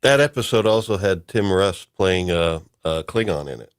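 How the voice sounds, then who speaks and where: A man chatting casually about films as co-host, relaxed and laughing along. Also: deep voice, moderate pace, clear, resonant tone. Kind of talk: casual film chat.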